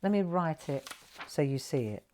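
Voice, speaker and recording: Low-voiced chatty woman teaching crafts. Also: animated, normal speed, dark tone, a little hiss or hum. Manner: chatty, encouraging, talks to viewers while drawing. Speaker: craft show host. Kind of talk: live craft tutorial.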